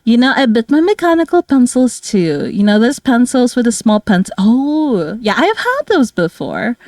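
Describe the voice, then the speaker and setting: This young woman, a streamer and artist, has a fairly high, slightly mellow voice with big pitch swings and a moderate pace. Chatting casually while drawing, she is bubbly and giggly, saying "like" and "oh my God" constantly. The recording is studio quality with no room sound.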